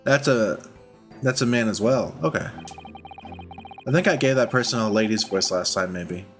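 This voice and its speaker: A man's voice: lowish voice, moderate pace, a bit bright. A man casually commenting as he plays a story game, self-deprecating and chuckling. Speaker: let's play host. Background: game music.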